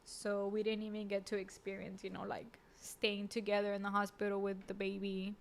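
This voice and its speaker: A woman as a podcast guest, telling a personal story in an emotional, halting way with many fillers and restarts. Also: mid-range voice, monotone, creaky, a little hiss or hum. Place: podcast studio.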